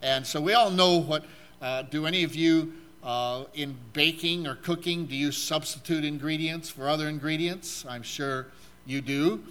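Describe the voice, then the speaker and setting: A man's bright voice sits on the high side as he preaches, asking the congregation questions and reading scripture. He hesitates often, leaning on fillers.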